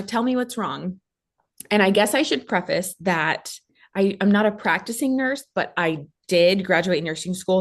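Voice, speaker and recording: A young adult woman from Texas, a podcast guest telling a personal story in a casual, animated way and acting out what others said. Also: mid-range voice. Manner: animated, acts out quoted voices.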